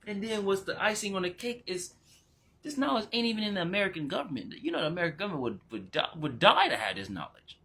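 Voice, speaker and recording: Man, spiritual teacher, casual vlog talk, bright forward tone, excitable, laughing, soft and slow when reflective. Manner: excitable, laughing, jumps into high exclamations; slows down and goes quiet when reflective.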